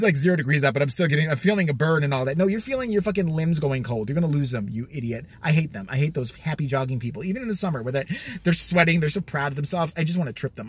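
A man with a fairly high voice delivering a profane comic rant. He sounds sarcastic and exasperated and swears constantly. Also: fairly bright tone, breathy edge. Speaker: vlogger.

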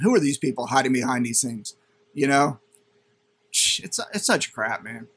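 A man's voice: mid-range voice, lively intonation, moderate pace, fairly bright tone, slightly rough. A man hosting a crypto channel, reading a news item aloud and ranting at it with sarcastic, indignant commentary.

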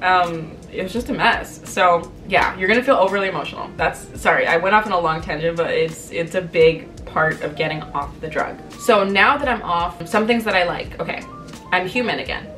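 A woman's voice: on the low side, moderate pace, far from the mic, faint music behind. Chatty young woman telling a candid story. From Canada. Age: 20s. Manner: chatty, candid storytelling with lively quoted voices. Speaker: vlogger. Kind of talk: casual chat to camera.

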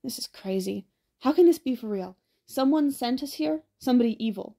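A woman's voice: high voice, expressive, brisk, creaky, mellow, heavily acted. A woman reading the part of a confused, anxious teenage boy who stammers when pressed. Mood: uneasy.

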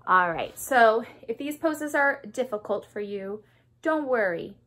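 A woman music therapist leading a remote session for children, gently encouraging them through poses and songs. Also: fairly high pitch, lively intonation, measured pace. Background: guitar music.

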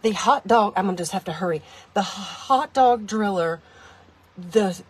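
A product reviewer speaks at a moderate pace in a mid-range, slightly rough voice, chatting to viewers about a kitchen gadget from inside her car. Her casual vlog is full of rambling and jokes at her own expense.

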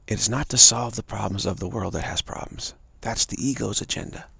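A man giving a live spiritual talk, halting and repeating words as he tells a story and acts out the voices in it. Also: on the low side, vocal fry, bright, forceful tone, slightly rough, dry recording. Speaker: spiritual teacher.

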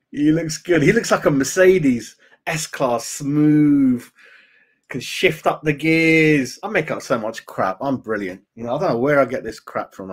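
A man's voice: lowish voice, husky. Matey man chatting on a stream. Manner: chatty and matey, reads chat aloud, calls viewers mate. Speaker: fan channel host. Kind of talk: live-stream chat about football.

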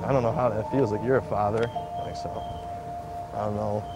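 A man's voice: on the low side, fairly even intonation, fairly quick. A man in a casual interview, telling his own story in a rambling way, full of fillers and acted-out quotes. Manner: rambling, filler-heavy, acts out quoted voices. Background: background music.

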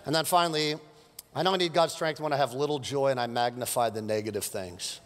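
Man, middle-aged pastor, animated sermon, joking with the crowd, long hall reverb. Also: medium pitch, brisk. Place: church sanctuary.

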